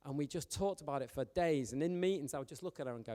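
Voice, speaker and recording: A man, a youth pastor preaching in a chatty, animated, storytelling way. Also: fairly high pitch, fast talker. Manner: chatty, animated, joking with the young audience. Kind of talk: informal storytelling sermon. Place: church hall. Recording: long hall reverb.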